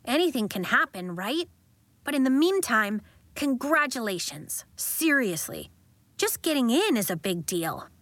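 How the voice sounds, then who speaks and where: A woman reading a storybook voices an earnest young schoolboy who tries to cheer his friends. Her pitch sits a little high and the delivery stays slow. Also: big pitch swings, fairly bright tone, no echo.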